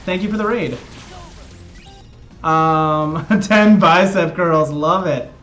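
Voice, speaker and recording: High-voiced man chatting on a game stream. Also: slow, a bit bright, faint music behind. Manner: chatty, joking, self-mocking. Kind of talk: casual live-stream chat.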